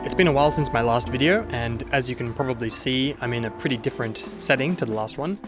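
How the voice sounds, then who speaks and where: A man's voice: mid-range voice, over music. Man with a mild Australian accent. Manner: clear and methodical, demonstrating sounds slowly. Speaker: English teacher. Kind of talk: explanatory video lesson.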